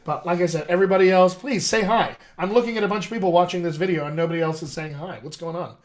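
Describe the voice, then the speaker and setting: High-voiced man hosting a chatty live stream. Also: quick pace. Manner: chatty and playful, talking straight to viewers. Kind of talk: casual live-stream chat.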